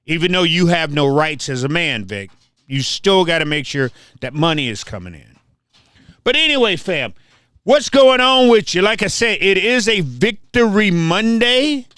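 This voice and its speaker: A man's voice: on the high side, big pitch swings, moderate pace, a bit bright, smooth, no echo. An older man hosting a livestream, ranting casually and trash-talking viewers, often repeating his words. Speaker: livestream host.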